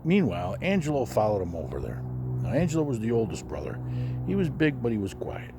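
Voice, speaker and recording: Animated older-style storyteller man. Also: a little fast, noisy background. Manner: animated, raising his voice high for quoted characters. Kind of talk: casual anecdote telling.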